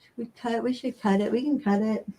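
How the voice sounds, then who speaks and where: A woman's voice: on the high side, fairly even intonation, a little fast, mellow. A woman hosting a casual livestream chat, easygoing and loose, filling her talk with "like" and "I mean". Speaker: livestream host.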